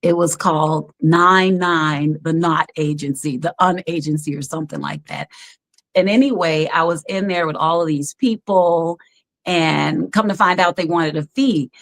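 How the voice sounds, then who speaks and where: Woman on a talk show, kinda low voice, animated and chatty, laughs a lot. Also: moderate pace. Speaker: guest, background actor. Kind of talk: casual storytelling chat.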